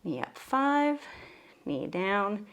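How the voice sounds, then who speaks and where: A woman's voice: medium pitch, big pitch swings, drawn-out words, a bit bright. A woman teaching a Pilates mat workout, cueing the moves casually and playfully while she does them herself. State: out of breath at times. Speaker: Pilates instructor. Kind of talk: guided workout instruction.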